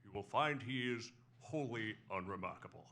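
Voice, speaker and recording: Man impersonating a smug Scottish film star, older, lisping drawl, bright forceful tone, live comedy stage. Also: fairly low pitch, lively intonation, moderate pace. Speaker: comedic narrator. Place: small comedy venue.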